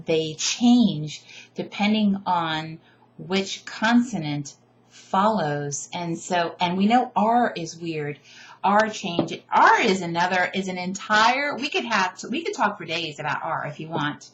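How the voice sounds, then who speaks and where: A woman teacher casually explaining how she teaches silent letters, chatty and animated with playful asides. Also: low-pitched. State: tired. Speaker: teacher giving teaching tips. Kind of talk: casual instructional video.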